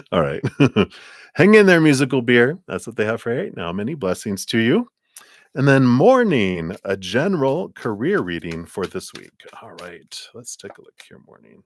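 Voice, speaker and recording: A man's voice: fairly low pitch, very animated, normal speed, dry recording, studio quality. A man doing a live tarot reading stream, talking animatedly, acting out little voices and laughing often. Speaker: tarot reader.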